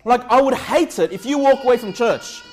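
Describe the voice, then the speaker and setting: A man preaching a sermon as pastor, moving from calm teaching to loud shouted emphasis and often checking in with "all right?". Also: extremely high pitch, brisk, soft background music. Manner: repeats "all right?" and "okay?" to the congregation.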